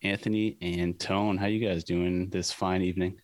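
Deep-voiced, easygoing podcast host, a man. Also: level tone, normal speed, dry recording. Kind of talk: casual chat.

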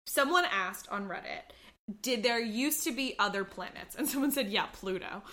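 Bright-voiced chatty woman podcast host. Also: on the high side, animated, normal speed. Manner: chatty, explains facts with many ums. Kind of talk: casual chat.

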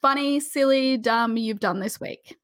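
A woman's voice: on the high side, unhurried, no room sound. A woman co-hosting a podcast, chatty and self-mocking as she rambles through stories. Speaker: podcast co-host. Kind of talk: casual chat.

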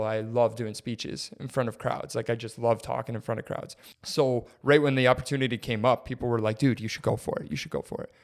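Young male podcast co-host, casual storyteller, animated, heavy on filler words. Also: mid-range voice. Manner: animated, filler-heavy, says "like" and "dude" constantly.

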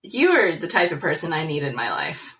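A woman's voice: low voice, wildly swooping pitch, fairly quick, fairly bright tone, poor audio. A woman guest talking casually, enthusiastic and effusive, often filling with "like" and "um". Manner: enthusiastic and effusive, lots of fillers like "like" and "um". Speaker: guest, small business owner. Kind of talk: casual chat.

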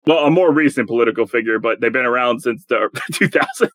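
A man's voice: mid-range voice, fast talker, a bit bright, no echo. A man hosting a podcast, reading quotes aloud in a casual quiz chat and chuckling often.

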